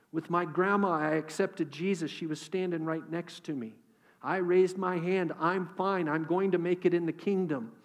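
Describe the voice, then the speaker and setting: A middle-aged man preaching a sermon as pastor, candid and conversational, swinging between hushed asides and emphatic calls. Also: medium pitch. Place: church.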